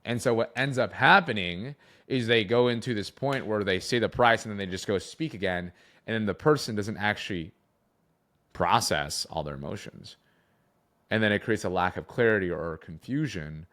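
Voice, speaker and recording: A young man talks through sales lessons with a fairly low voice. His delivery is animated, and he leans on words and changes pace for effect. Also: normal speed. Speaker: sales coach. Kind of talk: coaching talk to camera.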